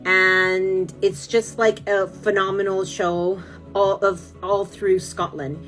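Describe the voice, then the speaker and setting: A woman's voice: mid-range voice, little pitch movement, takes it slowly, a bit bright, soft background music. A woman from California, chatting casually on a live stream, rambling and gushing with lots of fillers as she answers viewer comments.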